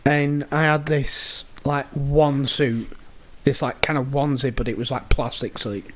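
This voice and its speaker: A young man, co-hosting a podcast and telling sweary, animated stories in casual chat. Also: medium pitch, unhurried. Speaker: podcast co-host.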